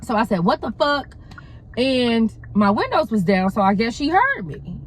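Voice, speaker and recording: A young woman vlogger telling a story in a high, bouncy voice that swings widely in pitch. She talks casually and profanely and laughs often, with animated energy. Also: normal speed, slight background noise, low-quality recording. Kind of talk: storytime vlog.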